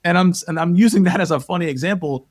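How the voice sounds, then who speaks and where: A man speaking as a guest on a podcast in casual conversation, telling animated stories and acting out what people said. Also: high-pitched, fast talker. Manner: animated storyteller, acts out quotes.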